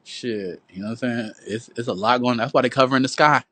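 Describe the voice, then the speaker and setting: A man preaches into his phone on a livestream, swearing freely and repeating himself as he lectures his viewers. His voice sits at a middle pitch and sounds close and dry, with no room around it. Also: quick pace, fairly bright tone, dry recording. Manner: profane, preachy, repetitive, calls listeners "boo" and "y'all". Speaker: livestream host. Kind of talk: rambling preachy livestream monologue.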